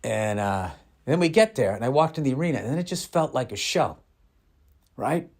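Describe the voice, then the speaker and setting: Middle-aged male comic, loose rambling storyteller, profane and self-deprecating, average pitch. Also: animated, a little fast, vocal fry. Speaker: comedian. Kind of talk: storytelling podcast monologue.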